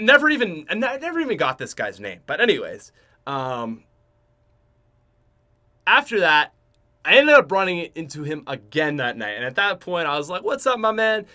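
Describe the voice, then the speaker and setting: A man's voice: on the high side, pushed and bright. A young Canadian man with a Canadian accent hosting a podcast, telling a story in a rambling way with many fillers and restarts. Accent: Canadian English. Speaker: podcast host. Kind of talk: casual storytelling.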